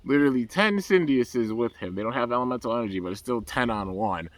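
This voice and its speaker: A man casually recapping an animated episode in a loose, rambling way, full of fillers and bursts of excitement. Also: mid-range voice, fast talker, no echo. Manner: rambling, loose and enthusiastic, full of "um" and "you know". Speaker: anime episode reviewer.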